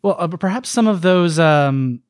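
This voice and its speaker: A man with a fairly high voice trading wry asides in a casual advice chat. The recording is close and dry. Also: expressive, normal speed, smooth, no room sound. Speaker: advice podcast co-host.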